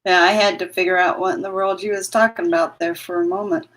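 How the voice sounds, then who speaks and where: A woman's voice: mid-range voice, very animated, fast talker, gravelly, fairly bright tone, rough recording. A woman chatting casually on her livestream who says she has trouble with her W sounds and coos at her dog in baby talk. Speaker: vlogger reading live chat.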